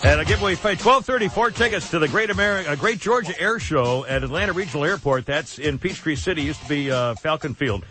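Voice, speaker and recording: A man's voice: fairly high pitch, quick pace, few pauses, music in the background. A man hosting a radio talk show in a casual chat style, rambling and self-mocking, on a studio microphone.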